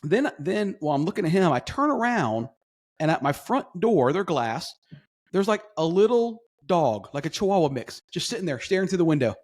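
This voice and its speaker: A middle-aged man tells a story on a podcast in a casual, animated way. His voice sits a little high, and he stumbles and restarts as he goes. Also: normal speed. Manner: animated, acts out quoted voices, rambling restarts. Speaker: podcast co-host.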